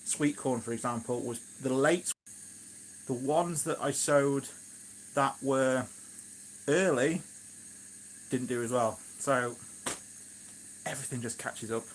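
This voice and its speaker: A man's voice: mid-range voice, slow, long pauses, a little hiss or hum. A man with a Shropshire accent, chatting casually and rambling with asides at home in his kitchen during a live stream. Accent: Shropshire English. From England, Shropshire. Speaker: gardening vlogger, live streamer.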